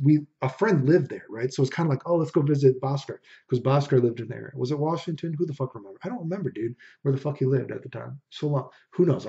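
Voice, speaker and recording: A man's voice: medium pitch, dark tone. A young man telling a profane, ranting story in casual podcast chat, saying "dude" again and again. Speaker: podcast host. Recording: dull lo-fi recording.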